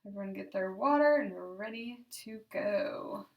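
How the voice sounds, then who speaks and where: A woman leading a group voice exercise class, giving slow, deliberate, encouraging instructions. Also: medium pitch, creaky, lo-fi sound. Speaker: voice therapy exercise leader. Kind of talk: guided speech exercise class. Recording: roomy sound from a distance.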